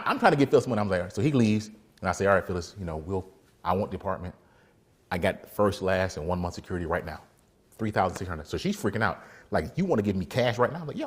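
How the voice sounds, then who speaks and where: Man, preacher, sermon storytelling, husky, very lively pitch, does voices. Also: fast talker. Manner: animated, acts out other people's voices, laughs often.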